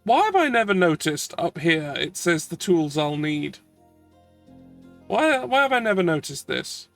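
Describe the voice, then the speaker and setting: A man's voice: on the high side, sing-song, a little slow, creaky, a bit bright, faint music behind. A man streaming a game, giving chatty, rambling, self-deprecating commentary as he plays. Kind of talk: casual gameplay commentary.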